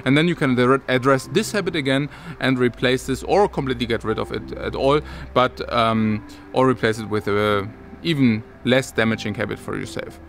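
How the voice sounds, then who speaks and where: A man's voice: medium pitch, normal speed, creaky, slight background noise. Rambling casual man vlogging. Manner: rambling, restarts sentences, chuckles. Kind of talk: casual talk to camera.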